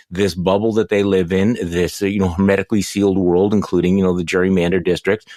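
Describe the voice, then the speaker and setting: A man's voice: lowish voice, a little mellow, no room sound, clean studio sound. A man hosting a political podcast, asking rhetorical questions in building lists. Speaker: podcast host. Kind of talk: political talk, questioning guest.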